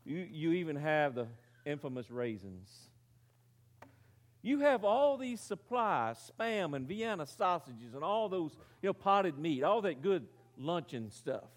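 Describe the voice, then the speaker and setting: Male preacher, fairly high voice, dramatic storyteller who drops to a hush, rhetorical questions. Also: sing-song, measured pace. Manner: dramatic storytelling, rises loud then drops very quiet; asks the audience rhetorical questions. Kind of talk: sermon illustration.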